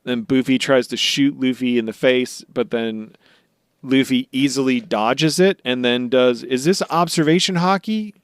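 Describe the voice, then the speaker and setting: Laid-back man recapping, smooth voice. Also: mid-range voice, unhurried, no room sound, clean studio sound. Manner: rambling recaps with playful quoted voices. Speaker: podcast host. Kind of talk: casual comedic podcast chat.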